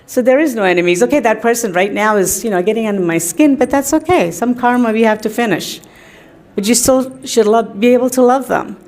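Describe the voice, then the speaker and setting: A woman's voice: fairly high pitch, a little fast, a little mellow. A middle-aged woman sharing personal stories in a tribute to her teacher, in a chatty, anecdotal way with many fillers. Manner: chatty storytelling, often laughing, many fillers.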